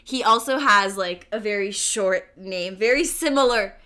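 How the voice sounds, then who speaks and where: Woman, 20s, podcast co-host; lively, sweary storyteller, laughs at herself; mid-pitched, bright tone. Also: measured pace. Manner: animated, swears freely, self-mocking storytelling. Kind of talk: casual chat.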